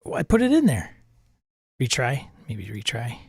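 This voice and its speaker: A man's voice: medium pitch, huge pitch swings, normal speed, vocal fry, a little mellow, husky, no echo, studio quality. A man casually commenting as he runs a role-playing game with an AI storyteller, thinking aloud and chuckling at it.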